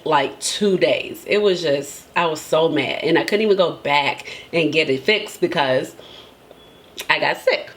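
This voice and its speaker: A woman beauty vlogger talking casually and emphatically to her viewers, laughing often and tagging her points with "okay?". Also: mid-range voice. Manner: chatty and emphatic, tags lines with "okay?"; laughs often between remarks. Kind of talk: casual chat.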